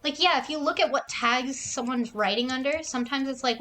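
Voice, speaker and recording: With a high-sitting voice and sharp tone, this woman streamer launches into a casual, profanity-laden rant. She mimics what others said in rapid mocking voices.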